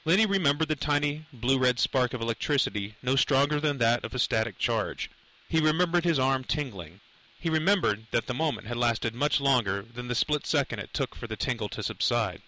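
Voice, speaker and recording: A man narrating a dark novel aloud, in a measured, dramatic storytelling manner. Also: mid-range voice, lively intonation, rough recording. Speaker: audiobook narrator. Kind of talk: scripted narration.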